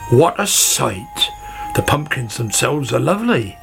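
A man's voice: medium pitch, very animated, a little slow, creaky, a bit bright, exaggerated voice. A man voicing a fussy, conceited old male gardener with grumbling exclamations, over background music. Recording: music playing under the voice.

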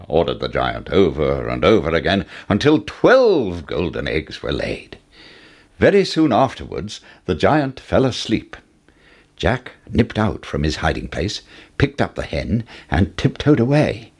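Slow, swooping storybook narrator, man. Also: vocal fry, slightly rough. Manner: very expressive, swooping pitch, slow.

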